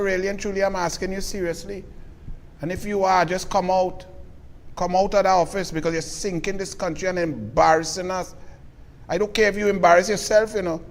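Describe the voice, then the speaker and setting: Scathing Trinidadian political commentator. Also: male voice, sits high, in a large hall. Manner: scathing, mocking, emphatic.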